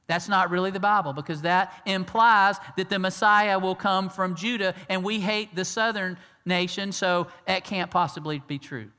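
A man preaching a conversational sermon who acts out the dialogue and swings between loud and hushed delivery. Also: high-pitched, fairly even intonation, normal speed, hardly any pauses, clear, resonant tone. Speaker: pastor. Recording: long hall reverb.

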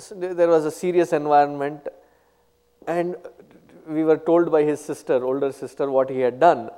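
A man giving a spiritual talk, telling stories and explaining terms one by one in an unhurried way. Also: a little high, darkish tone, clear, resonant tone, big-room sound. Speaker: spiritual teacher. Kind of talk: spiritual discourse with anecdotes.

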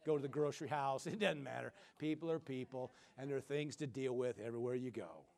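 A middle-aged man preaching a sermon as senior pastor, swinging between loud, animated bursts and quiet asides while calling out to the congregation. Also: medium pitch, fast talker, vocal fry. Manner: calls out to the congregation.

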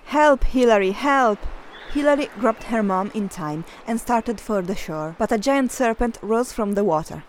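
A woman reading a children's story aloud, doing lively voices for the characters. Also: medium pitch, normal speed, few pauses, slight background noise. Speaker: story reader.

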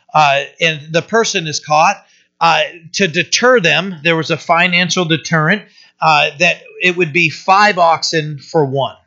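A man with a fairly high, sharp voice teaches a Bible passage casually and conversationally, frequently checking in with "right?" The sermon recording sounds dull and lo-fi.

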